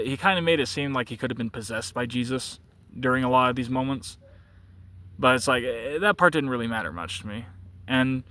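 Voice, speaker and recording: A man's voice: mid-range voice, bright, forceful tone. A man telling a long story in a casual, rambling way, often stopping to correct himself and restart. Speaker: channel host.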